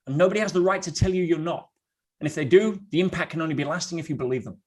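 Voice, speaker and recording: A man's voice: mid-range voice, fairly bright tone. Middle-aged man, motivational speaker; blunt, storytelling delivery to a live online audience. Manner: blunt, storytelling, addresses listeners as guys.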